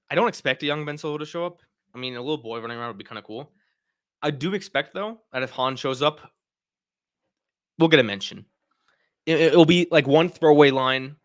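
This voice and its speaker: A man's voice: fairly high pitch, no room sound, clean studio sound. A man hosting a casual livestream, chatting and reacting to viewer comments. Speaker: livestream host.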